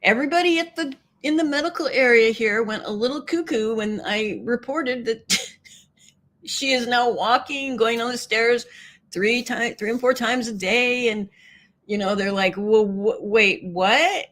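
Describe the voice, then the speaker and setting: A woman's voice: on the high side, unhurried, fairly bright tone. A woman hosting a casual live stream, chatting with viewers, often laughing and reading their comments aloud.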